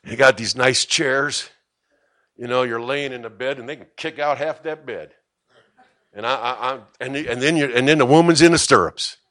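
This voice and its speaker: A middle-aged man preaching a sermon in a church, moving from quiet asides to shouting and joking with the congregation. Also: medium pitch, normal speed, no room sound, studio quality. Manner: jokes with the congregation. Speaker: pastor. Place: church sanctuary.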